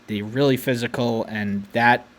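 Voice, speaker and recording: A man co-hosting a sports podcast, breaking down coaching records in a measured, stat-heavy way with occasional restarts. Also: mid-range voice, fairly even intonation, a bit bright. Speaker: podcast co-host. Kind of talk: casual sports analysis chat.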